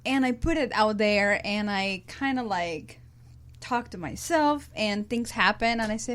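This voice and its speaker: Woman guest, mid-pitched voice, halting and filler-heavy, loose grammar. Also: lively intonation. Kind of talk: casual chat. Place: around a table with others.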